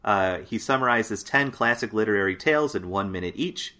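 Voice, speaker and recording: A man's voice: on the low side, animated, brisk, pushed and bright. A man co-hosting a casual chat, reading out lists of facts in a dry way with fillers. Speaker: podcast co-host.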